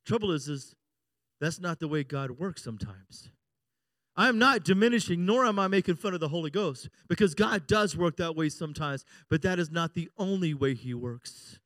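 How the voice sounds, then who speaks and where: A middle-aged male pastor preaches a sermon in a fairly high, expressive, slightly bright voice at normal speed. He jokes and keeps it conversational, often calling on the congregation for an amen. The studio-quality recording has no room sound.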